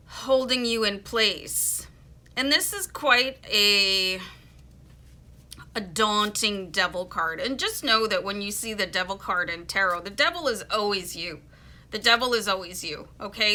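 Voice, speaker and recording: A woman's voice: mid-range voice, pushed and bright. A woman giving a casual, chatty tarot reading, informal and playful, with frequent fillers and asides. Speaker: tarot reader.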